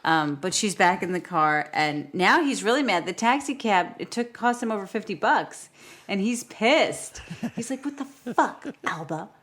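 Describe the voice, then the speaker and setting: A woman's voice: medium pitch, expressive, normal speed, a bit bright. Woman cohost chatting thru a movie plot, laughs a lot, quotes the scenes. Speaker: podcast co-host. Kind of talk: casual movie recap chat.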